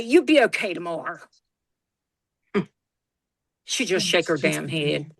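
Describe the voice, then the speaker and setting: A woman's voice: on the low side, slow, vocal fry, no echo, studio quality. A woman telling a family story in a casual chat, acting out the voices of the people in it and swearing freely. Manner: animated, acts out quoted voices, swears freely. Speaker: guest storyteller.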